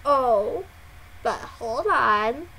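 High, animated young-sounding woman reacting. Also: drawn-out words, slight background noise. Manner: excitable, loud dramatic exclamations, swears often. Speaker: music reaction YouTuber. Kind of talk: casual reaction vlog.

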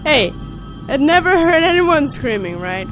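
A young woman with a very high, lively voice reacts to a horror game, yelping, shrieking and laughing nervously. She talks slowly between frights, and loud game music plays behind her. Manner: jumpy, screaming and laughing nervously. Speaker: gaming video host. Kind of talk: horror game let's play commentary.

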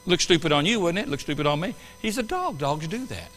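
A man pastor preaching a sermon with animated swings between loud bursts and quiet asides. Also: on the high side, fairly quick, big-room sound, soft background music, poor audio. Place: church sanctuary.

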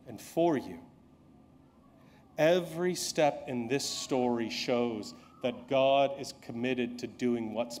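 Male pastor giving a sermon, chatty and self-deprecating, middle-pitched voice. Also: darkish tone, slight background noise. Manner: conversational, self-deprecating storytelling with acted quotes.

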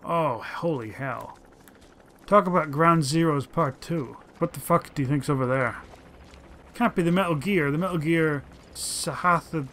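A man giving casual, excitable and profane commentary while playing a video game. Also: a little high, slight background noise. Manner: excitable, profane, talks to his dog companion. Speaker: let's play commentator.

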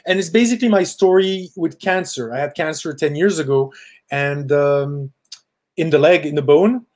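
A man's voice: on the high side, moderate pace, a little mellow. A middle-aged man from Quebec, a film director, earnestly recounting a personal story in an interview, with fillers and restarts. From Quebec, Canada.

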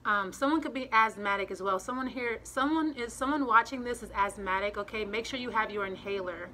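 A woman's voice: fairly high pitch, brisk, pushed and bright. Breathless woman doing a chatty tarot reading. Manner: rambling, chatty, repeats herself. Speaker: tarot reader. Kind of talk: casual tarot reading to camera. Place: front room of a home by a street. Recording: home recording with clear street noise. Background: street noise, passing cars.

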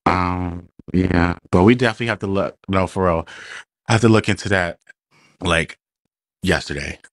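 A man's voice: deep voice, normal speed, no room sound, studio quality. A man in a casual live-stream chat, answering in short, laid-back replies.

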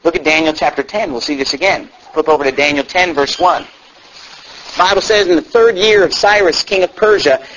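Captured on a dull, low-fidelity church recording with faint hiss, a man preaches fervently to his congregation as their pastor. He drops into mocking, quiet asides, then shouts and rises high in passionate calls.

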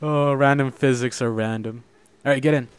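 A young man hosting a gaming channel, chatting casually and reacting excitedly while playing a co-op game with a friend. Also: mid-range voice, smooth. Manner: excitable, joking, quick reactions. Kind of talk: casual co-op gameplay chat.

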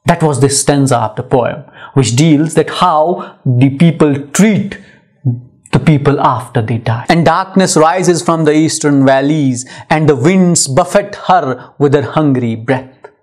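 In a plain classroom manner, a male literature lecturer explains a poem in mixed English and Hindi, hammering each point with repeated phrases and rhetorical questions. His voice is a little higher than most men's, unhurried and slightly mellow.

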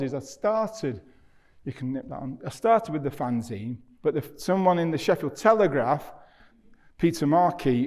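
Telling stories to a university lecture hall audience, this middle-aged artist is chatty and self-deprecating, performing quoted dialogue as he goes. His public lecture is anecdotal, and his medium-pitched voice is a little mellow.

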